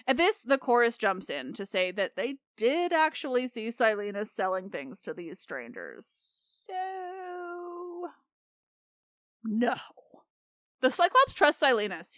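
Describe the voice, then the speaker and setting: A woman's voice: fairly high pitch, very animated, slow, a bit bright, no room sound, studio quality. A woman hosting a podcast, retelling myths in a chatty, irreverent way that breaks into laughter. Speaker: podcast host. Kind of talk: comic myth retelling.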